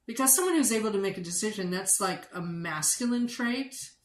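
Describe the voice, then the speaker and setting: A woman giving a livestream tarot reading, blunt and sarcastic and quick to swear. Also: medium pitch, expressive. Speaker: tarot reader. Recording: echoey room with background noise.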